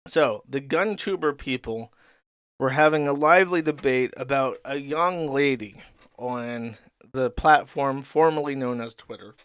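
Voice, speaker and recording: A man hosting a show, giving rapid, deadpan, mocking commentary on internet content. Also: mid-range voice, smooth, no room sound. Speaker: show host. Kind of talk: sardonic commentary on online content.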